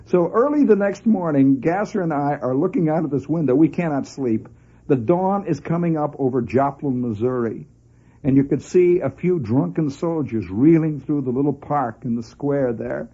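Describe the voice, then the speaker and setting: A man telling a long story on the radio in an animated, conversational way, often laughing as he goes. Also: on the high side, moderate pace, slightly rough. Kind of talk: spoken storytelling monologue. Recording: dull lo-fi old radio recording.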